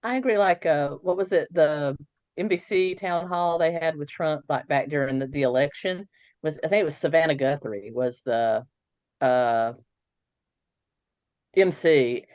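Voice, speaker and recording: Blunt, outspoken, mid pitch, dry dull lo-fi audio. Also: measured pace, a little mellow, no room sound. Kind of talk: casual political chat.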